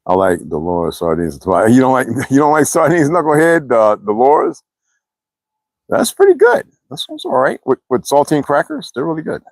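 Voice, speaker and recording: A man's voice: mid-range voice, very animated, normal speed, few pauses, dry recording, poor audio. An older man from the US East Coast, rambling and profane in casual livestream chat, answering viewers as he goes. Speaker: livestream host.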